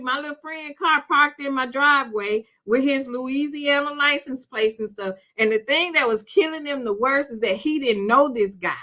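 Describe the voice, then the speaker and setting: A middle-aged woman hosting a podcast, telling a personal story in an animated, chatty way, laughing often and calling the listener "girl". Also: high voice. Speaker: podcast host. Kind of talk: casual storytelling to women listeners.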